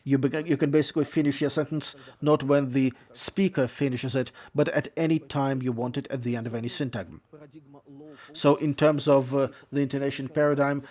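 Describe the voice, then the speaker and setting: In a steady, slightly mellow voice of medium pitch, a man lectures in English on interpreting. He explains at a measured pace and corrects himself often along the way.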